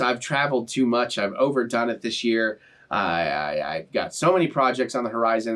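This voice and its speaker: A young man hosting a YouTube reaction channel talks to his viewers in a casual, heartfelt, emotional way, rambling and restarting his sentences. His mid-range voice is a bit bright and sounds a bit far from the mic.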